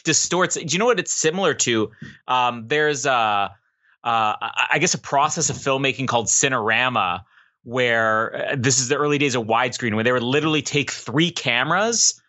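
A man's voice: mid-range voice, expressive, a little fast, bright, forceful tone. A man co-hosting a casual movie recap podcast, explaining film techniques with frequent restarts. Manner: explanatory, restarts words, film-buff detail. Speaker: podcast co-host.

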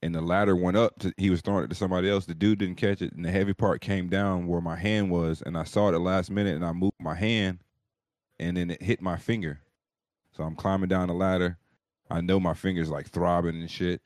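Male, very low voice, dry close sound, profane animated storyteller, casual. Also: fairly quick, dry recording. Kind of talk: casual storytelling on a live show.

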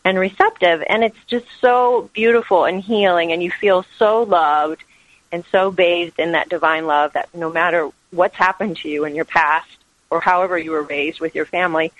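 A woman's voice: on the low side, normal speed, dry recording, highs cut off. A woman yoga teacher, a guest in an interview, talking about spirituality in an earnest, flowing way. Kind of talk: interview answers.

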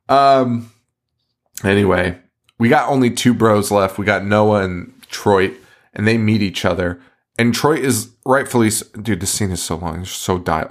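A man hosting a podcast, recapping a movie in casual chat, swearing often and laughing in disbelief. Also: on the low side. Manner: profane, laughing, incredulous storytelling. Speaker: podcast host.

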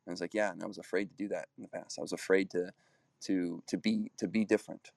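Fast-talking earnest man in his thirties. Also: low voice, steady tone, creaky, a little mellow, dry recording. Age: 30s. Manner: rambling, earnest, frequent restarts and acted-out quotes. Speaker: basketball player and coach hosting a group talk. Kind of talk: casual motivational talk.

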